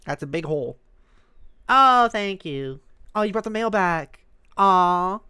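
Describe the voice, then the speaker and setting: A woman's voice: on the low side, animated, slow, sharp tone, clear, resonant tone. A woman giving playful, giggly commentary while she plays a video game, with lots of sound effects. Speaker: let's play streamer. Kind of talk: casual gameplay commentary.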